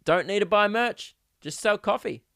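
A man's voice: sits high, lively intonation, moderate pace, vocal fry, fairly bright tone, clear, resonant tone, no echo. Exasperated Australian man ranting sarcastically. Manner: exasperated, sarcastic storytelling with mock voices. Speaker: podcast host. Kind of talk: solo comedic rant.

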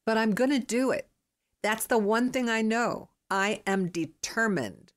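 A woman in her fifties hosting a podcast, talking in an excitable, rambling, emphatic way as she gives motivational advice. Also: on the high side, a little slow. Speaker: podcast host.

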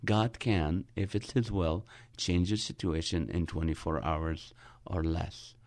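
Deep-voiced man telling funny stories. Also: unhurried, dry recording. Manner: animated storyteller, acting out dialogue. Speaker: Christian comedian guest. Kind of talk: storytelling with humor in a radio interview.

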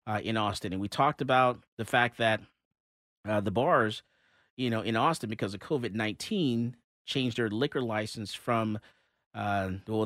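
A man hosting a talk radio show, telling a story in a casual, animated way with many fillers and restarts. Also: lowish voice, no echo, clean studio sound.

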